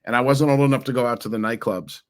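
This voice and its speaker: A man in his forties from New Jersey, a podcast guest telling stories in an animated, rambling way with many restarts. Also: medium pitch, fast. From New Jersey, USA. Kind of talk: casual interview storytelling.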